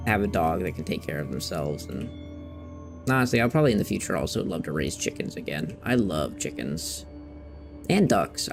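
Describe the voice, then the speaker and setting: His voice sits low and sounds creaky. In this gaming video he hosts, he chats casually while playing, rambling, candid, and sometimes swearing.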